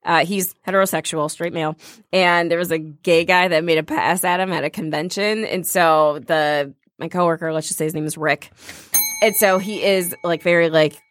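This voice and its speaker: A woman's voice: on the low side, moderate pace, no room sound. A woman co-hosting a podcast from a studio, telling stories in casual chat with lots of fillers. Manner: animated storyteller, many fillers. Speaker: podcast co-host.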